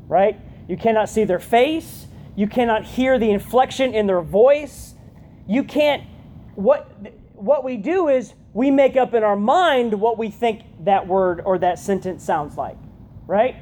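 A woman preaches to young people in a relaxed, conversational way. Her voice is warm and mellow and sits at a middle pitch. She keeps checking in with a quick "right?". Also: slight background noise. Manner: chatty, keeps asking "right?". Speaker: youth pastor. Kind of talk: conversational youth sermon.

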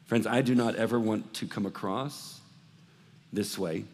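A male pastor preaching a sermon in a church, swinging between loud emphatic bursts and hushed, soft passages. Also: lowish voice, fairly even intonation, a little slow, in a large hall. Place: church hall, preaching from the floor.

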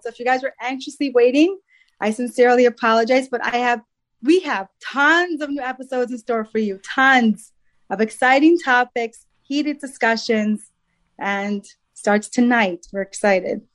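A woman's voice: on the high side, normal speed. A woman from Long Island, a matchmaker and dating coach, co-hosting a podcast in an upbeat, bubbly way. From Long Island, New York. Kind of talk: casual podcast chat.

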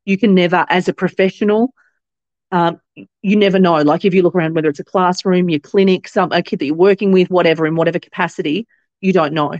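A woman's voice: fairly low pitch, quick pace, dry recording, lo-fi sound. A woman with an Australian accent, telling stories as a guest on an interview podcast, with lots of fillers and restarts. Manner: chatty storytelling, many fillers and restarts; animated quoting of others' voices. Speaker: guest, company founder.

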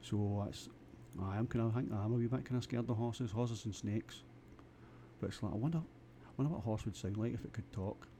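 A Scottish man rambles through a comic monologue, crude and full of repeated restarts. His voice is lowish and very dark and mellow. Faint background noise runs behind him. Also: fairly quick. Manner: crude, with frequent stammered restarts. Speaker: vlogger.

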